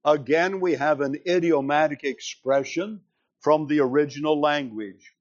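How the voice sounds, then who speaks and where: A man preaching an expository sermon, explaining scripture slowly and with emphasis. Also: a little high, highs cut off. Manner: slow, deliberate, emphatic reading of scripture.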